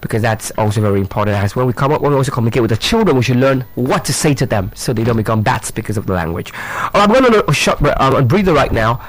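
A medium-pitched male voice, recorded with no room sound, conducts a live pronunciation drill for teachers. He spells words letter by letter and speaks directly to his audience, drawing out his instruction with rhetorical questions, frequent fillers, and repeats.

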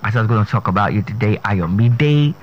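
A man's voice: fairly low pitch, lively intonation, brisk, soft background music. A man, a speech coach giving an emphatic pronunciation lesson, repeating and spelling out words. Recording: dull lo-fi sound with faint noise.

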